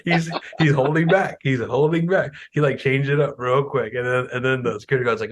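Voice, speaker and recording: A young man hosting a podcast in casual chat, telling stories with lively imitations of people. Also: brisk, no room sound. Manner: animated storytelling, mimics people in higher voices. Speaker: podcast host.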